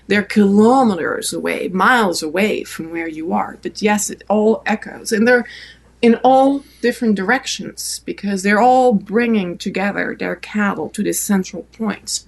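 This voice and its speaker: A middle-aged woman from France with a French accent, a guest telling a story in a relaxed, animated way, with many restarts and fillers. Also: mid-range voice, measured pace, vocal fry. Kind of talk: casual storytelling.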